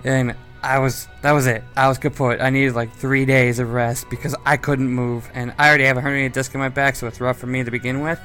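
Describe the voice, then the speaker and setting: Male co-host, loose rambling storyteller, middle pitch, faint music behind. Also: level tone, a little fast, hardly any pauses, sharp tone. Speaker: podcast co-host. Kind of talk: casual podcast chat.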